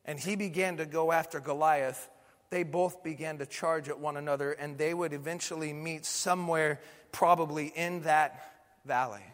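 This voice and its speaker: A man with a high, ringing voice delivers a sermon, driving his points home through insistent repetition. His voice carries a long reverb, as if in a big church hall. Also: a bit bright. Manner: preaching with swelling intensity, emphatic repetition. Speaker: pastor.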